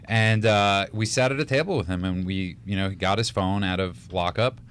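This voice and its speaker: A man's voice: sits low, normal speed, fairly bright tone, a little hiss or hum. A man co-hosting a casual radio talk show, telling stories in a rambling way with many restarts and laughs. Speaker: radio co-host.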